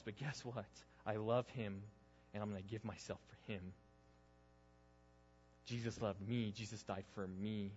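A man preaching a sermon, earnest, swinging between loud emphasis and hushed intensity. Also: on the high side, slightly rough. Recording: dull sound with long reverb in a hall.

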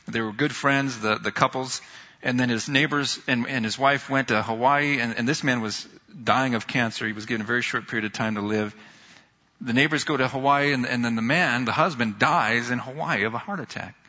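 A man on a church's staff preaching a sermon, telling stories earnestly and slowing down when he reads scripture. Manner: earnest, storytelling, rises in pitch when excited, slows for scripture. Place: church sanctuary. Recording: dull sound in a reverberant hall.

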